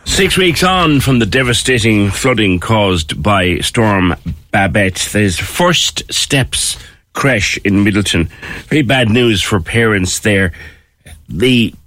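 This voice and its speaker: A man's voice: on the low side, fairly bright tone, dry recording. A man with an Irish accent hosting a radio phone-in show, speaking in a direct, conversational way.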